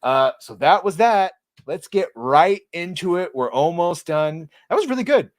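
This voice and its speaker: A man's voice: on the high side, expressive, unhurried, dry recording, clean studio sound. A man co-hosting a podcast in casual chat, profane, rambling and sarcastic. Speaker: podcast co-host.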